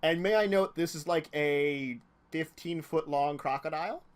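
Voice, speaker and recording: A man's voice: fairly high pitch, moderate pace. A man narrating as game master of a tabletop game, chuckling between descriptions.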